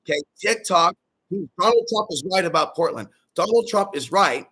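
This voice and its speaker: A man's voice: high voice, lively intonation, moderate pace, pushed and bright, slightly rough. A male host giving a preachy, ranting livestream monologue and calling out to his audience for amens.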